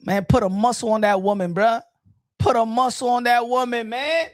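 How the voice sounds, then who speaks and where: A man's voice: extremely high pitch, steady tone, normal speed, dry recording, clean studio sound. A man hosting a casual reaction commentary, ranting in a mocking, profane way. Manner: profane, mocking, laughing rant. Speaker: commentary channel host.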